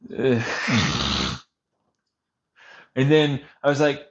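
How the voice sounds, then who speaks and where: A man's voice: medium pitch, very slow, dull audio. A man in a casual, rambling rant, swearing often and laughing between points. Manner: profane, laughing, animated ranting.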